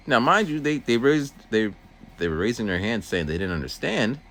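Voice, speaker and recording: A man's voice: mid-range voice, very animated, normal speed, fairly bright tone. A man who works as a teacher's aide, rambling through a casual story outdoors while walking and acting out voices. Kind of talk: casual walking vlog monologue.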